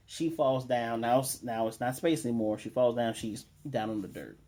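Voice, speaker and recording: A man's voice: medium pitch, moderate pace, dark tone. A man casually recapping an anime episode, rambling and restarting as he quotes characters' lines. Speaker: anime reviewer.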